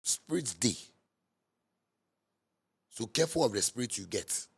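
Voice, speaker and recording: A man with a Ghanaian Pidgin English accent delivering a heated, scolding monologue that repeats and mocks, bursting into sudden loud outbursts. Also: lowish voice, very animated, unhurried, gravelly, breathy edge. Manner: repetitive and mocking. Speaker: musician. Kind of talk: ranting monologue.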